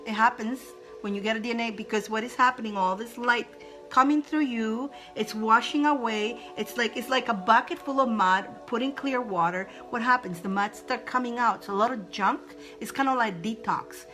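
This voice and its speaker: Bright-voiced, effusive woman reader. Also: fairly high pitch, normal speed, faint music behind. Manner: emotional and effusive, laughs often, talks straight to viewers. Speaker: spiritual reader, live-stream host. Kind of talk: live-stream spiritual readings for viewers.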